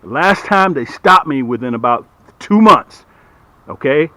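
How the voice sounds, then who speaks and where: A middle-aged man casually demonstrating and selling fishing hooks to the camera, talking in a repetitive, lively salesman patter and calling viewers "guys". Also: on the high side, a little slow, no room sound. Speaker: fishing gear seller and channel host. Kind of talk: casual product demo to camera.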